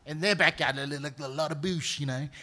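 A man's voice: fairly high pitch, fast, pushed and bright. A man preaching a sermon. He tells stories with a lot of energy, laughs often and repeats words as he goes. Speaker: pastor. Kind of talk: sermon with personal storytelling.

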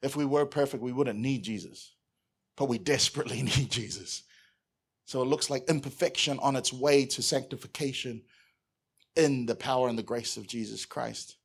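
A man with a New Zealand accent preaching a lively sermon, acting out scenes and rising to shouts. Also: mid-range voice, moderate pace, vocal fry, husky. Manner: animated, acts out bits with shouted voices. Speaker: pastor.

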